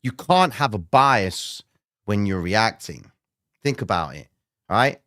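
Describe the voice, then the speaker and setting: A male trading show host answering questions in a blunt, swearing rant that jumps from low muttering to loud outbursts. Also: lively intonation, takes it slowly, dry recording, studio quality. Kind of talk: live trading Q&A, animated rant.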